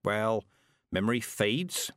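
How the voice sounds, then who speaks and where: A man's voice: fairly low pitch, expressive, slow pace, a bit bright, dry recording, studio quality. A man voicing a proud, stern old witch who speaks curtly and with command. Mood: brusque. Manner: curt, commanding.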